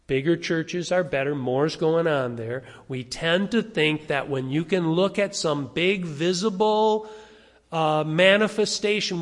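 An older man with a high-sitting, fairly bright voice preaches a sermon in a church sanctuary, talking conversationally and posing questions to the congregation. The hall's long reverb fills the recording.

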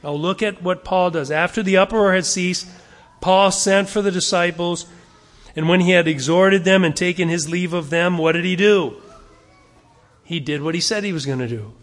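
Man, pastor, sermon, earnest and exhorting, rhetorical questions, slightly high voice, long church reverb. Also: normal speed.

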